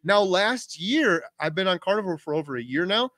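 A man in his forties hosting a casual livestream with his wife, telling stories in an animated way. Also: high-pitched, moderate pace, no echo, clean studio sound. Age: 40s. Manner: animated storytelling, talks over his wife. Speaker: host.

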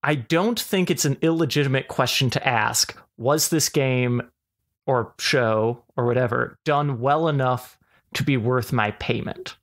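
Guy cohosting a chill podcast, keeps restarting his sentences, middle pitch. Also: fairly bright tone. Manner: halting, thinks aloud with many restarts. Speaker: podcast co-host. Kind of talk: casual podcast chat.

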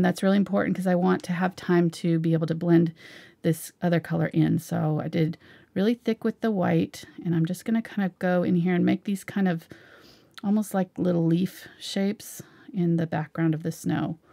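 A middle-aged woman leads a live painting tutorial, talking casually as she paints. Her voice is a little low, mellow, and strongly gravelly with vocal fry. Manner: relaxed, chatty, talks while painting. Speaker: painting instructor.

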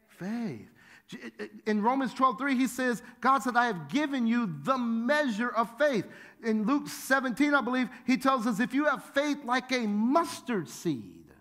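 A male pastor preaching a sermon, telling stories with animated shouted exclamations. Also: high-pitched. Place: church sanctuary. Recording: long church-hall reverb.

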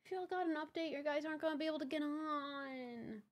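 A woman's voice: high-pitched, brisk. A young woman livestreaming a game, chatting casually, exclaiming and repeating herself, swearing when things break, and greeting chatters by name. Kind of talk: casual live-stream chat while gaming.

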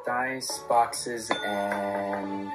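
A man chatting in a calm, friendly way over a video call. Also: lowish voice, drawn-out words, music in the background.

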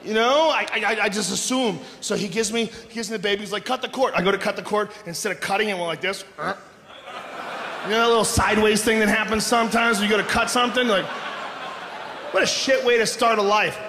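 A middle-aged man doing a stand-up comedy routine on a big theater stage, loud and profane, shouting his punchlines. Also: sits high, fairly even intonation, fast. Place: large theater stage before a live audience. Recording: echoey hall recording with audience noise.

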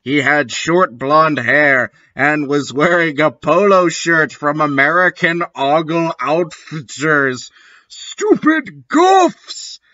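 A man's voice: fairly high pitch, slow, few pauses, bright, forceful tone, no echo, highs cut off. A man doing a comic dramatic reading with dry, sarcastic asides. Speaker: reader.

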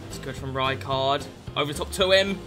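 A young man commentating his own video game matches in an excitable, sweary, chatty way, talking to the viewers as lads. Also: mid-range voice, brisk. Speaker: gaming video host. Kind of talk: live gameplay commentary. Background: background music.

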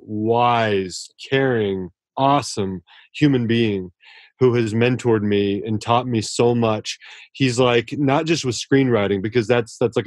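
A man's voice: medium pitch, darkish tone, dry recording. Earnest man on a dry podcast mic. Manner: earnest, effusive, with frequent restarts. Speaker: author guest. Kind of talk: casual podcast interview.

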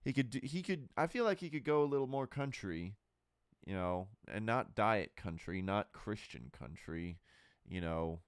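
A man's voice: lowish voice, expressive, moderate pace, clean tone, no echo, studio quality. A man hosting his own podcast, giving candid, rambling opinions in a casual monologue full of fillers and restarts. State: burping and hiccuping. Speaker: podcast host.

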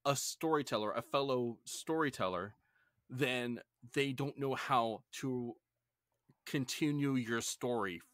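A man's voice: mid-range voice, slow pace, a bit bright, dry recording. Guy hosting a podcast, rambles and goes off on tangents, dry close sound. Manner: rambling, apologizes for ranting. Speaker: podcast host. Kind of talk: casual podcast chat.

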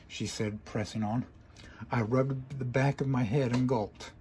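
Brief: male story reader, mid pitch, earnest dramatic first-person narration, faint ambient noise. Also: steady tone, unhurried, darkish tone.

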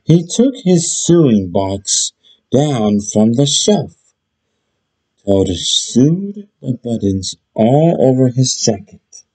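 A man reads a children's bedtime story very slowly and deliberately. His pitch rises and falls a lot as he tells it, giving the telling an expressive, lively lilt. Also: slightly rough, rough recording.

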